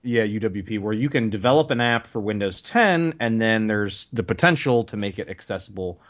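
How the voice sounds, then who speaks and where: A man co-hosting a casual gaming podcast, talking enthusiastically in halting restarts. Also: fairly low pitch, lively intonation. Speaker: podcast co-host.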